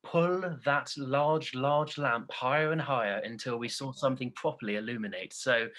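A man's voice: medium pitch, fairly even intonation, moderate pace, a bit bright, close to an everyday voice. A man voicing a pompous, self-important film director who rambles in a self-satisfied way.

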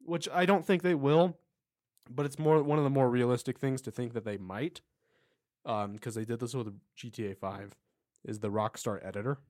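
A podcast co-host chats casually and eagerly retells scenes from games. His mid-range voice is a little mellow at normal speed, in clean studio sound with no room tone.

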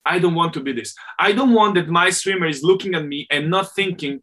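A man's voice: on the high side, brisk, sharp tone. A middle-aged man, a swim coach, talking candidly and animatedly in an interview, correcting himself as he speaks English as a second language.

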